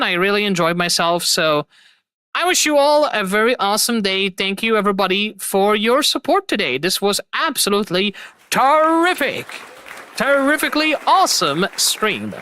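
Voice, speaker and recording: A woman's voice: medium pitch, big pitch swings, normal speed, pushed and bright, no echo, some chatter behind. A young adult woman streamer signing off in casual chat, effusive and rambling, repeating her thanks over and over. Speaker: streamer host.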